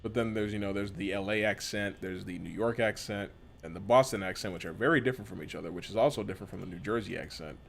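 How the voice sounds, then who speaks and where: Rambling, profane male streamer, lowish voice. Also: quick pace, vocal fry, fairly bright tone, slight background noise. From western US. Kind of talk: casual gameplay chat.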